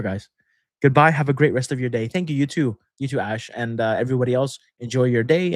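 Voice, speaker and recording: A young man chats through a casual livestream Q&A, coaching members with a rambling, easygoing flow full of fillers and quick laughs. His voice sits at an ordinary middle pitch. The sound is close and dry, with no room echo. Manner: rambling and chatty, laughs often, many fillers and restarts. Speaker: manifestation coach hosting a member Q&A.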